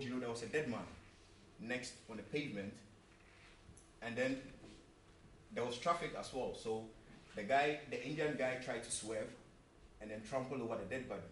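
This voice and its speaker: This earnest preacher has a medium-pitched, fairly bright voice and leans on repetition and rhetorical questions, telling a joke partway through his sermon. The far-off mic in the church hall picks up echo and a low hum.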